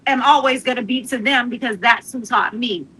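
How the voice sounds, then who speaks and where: Middle-aged woman from missouri, high bright voice, animated storytelling, does her family's voices. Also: normal speed, husky, poor audio. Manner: animated, quotes relatives in voices. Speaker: guest. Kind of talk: emotional personal storytelling.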